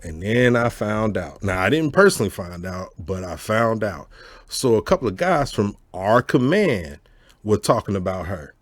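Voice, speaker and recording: Animated, profane male storyteller. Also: lowish voice, normal speed, no room sound. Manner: animated, profane, laughs often, keeps asking "you know what I'm saying". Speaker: storyteller host. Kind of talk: casual storytelling chat.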